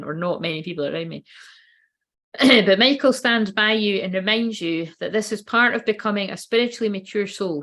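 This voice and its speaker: Speaking at a medium pitch with a fairly bright tone, this late-thirties oracle card reader rambles through a relaxed live-stream session. She curses often and drops sentences halfway.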